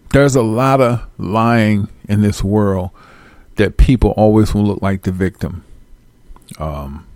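Gravelly, low-voiced man ranting to camera. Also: no echo. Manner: animated storytelling, acting out both sides of phone calls; slangy, profane, preachy. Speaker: vlogger giving life advice. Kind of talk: casual direct-to-camera rant.

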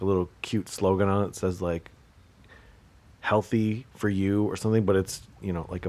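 A man hosting a solo podcast, rambling through joking, sarcastic rants that break into sudden loud outbursts. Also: low voice. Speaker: podcast host.

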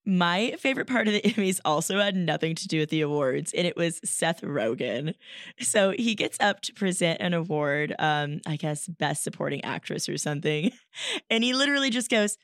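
Brief: lower-voiced woman co-host, dry close mic, playful. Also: expressive, normal speed, fairly bright tone, no echo. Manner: playful, laughs often, does mock voices. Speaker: podcast co-host. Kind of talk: casual chat.

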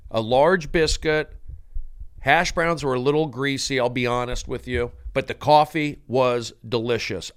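A man's voice: medium pitch, fairly bright tone, no echo, studio quality. A man hosting a comedic podcast monologue, telling stories in a rambling, mock-grandiose way.

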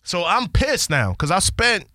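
A man hosting a podcast, animated and profane as he retells a story in casual slang. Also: high-pitched, a little slow, no echo, clean studio sound.

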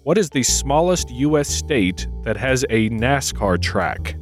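Lively, playful trivia host. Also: male voice, medium pitch, a little slow, faint music behind. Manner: animated, playful, jokey. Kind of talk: reading trivia questions and casual banter.

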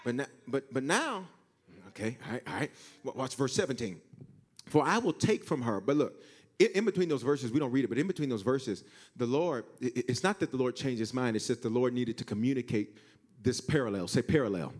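A male pastor preaching a sermon, calling on the congregation to answer and touch their neighbor, swinging between shouts and hushed asides. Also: mid-range voice, brisk. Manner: animated, swings from shouting to hushed, acts out God's voice; call-and-response with congregation.

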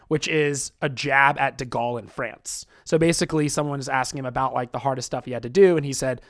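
A man's voice: medium pitch, a little fast, few pauses. A man co-hosting a casual podcast, explaining things in a chatty way with plenty of fillers. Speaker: podcast co-host presenting quotes.

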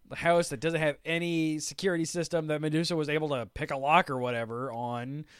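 A man's voice: on the high side, fairly even intonation, normal speed, smooth, dry recording, clean studio sound. A man hosting a casual podcast, reviewing a TV show with laughter and exasperated, swearing rants. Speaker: podcast host.

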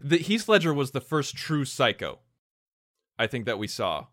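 A man with an average-pitched voice, chatting eagerly on a podcast. He strings his thoughts together with plenty of "like" and "you know." The recording is dry, with no room echo. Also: sing-song, normal speed, a bit bright. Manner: enthusiastic, heavy on "like" and "you know". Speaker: podcast co-host. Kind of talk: casual podcast discussion.

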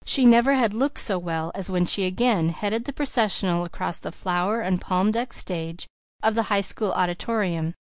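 A woman narrating a classic novel in a plain, steady storytelling manner. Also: mid-range voice, moderate pace, clean tone, no echo. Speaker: audiobook reader.

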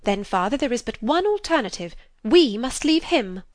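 A woman's voice: fairly high pitch, sing-song, moderate pace, no room sound, clean studio sound. A woman playing a haughty aristocratic daughter. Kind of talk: amateur audiobook drama reading.

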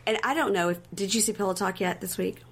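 A woman's voice: mid-range voice, fast talker, breathy edge. A woman co-hosting a podcast, chatting casually as she recaps a reality show and acts out quotes from it. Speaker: podcast co-host.

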